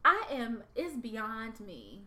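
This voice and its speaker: A woman with a Southern US accent, co-hosting a podcast in casual chat and telling animated, profane stories. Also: a little high, slow pace. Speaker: podcast co-host.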